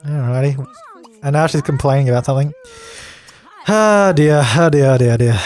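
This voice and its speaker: A man's voice: medium pitch, lively intonation, normal speed, pauses often, darkish tone. A young man casually commenting on a life-sim game while he plays, chatty and easily exasperated, laughing at its mishaps. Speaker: let's play gamer.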